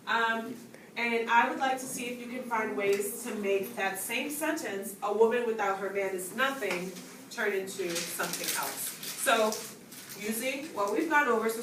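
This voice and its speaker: A woman's voice: a little high, bright, forceful tone. Woman teacher leading a class, calls on students, heard from across an echoey room. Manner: instructive, calls on students and asks questions. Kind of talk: classroom grammar lesson. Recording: echoey classroom, distant mic, background noise.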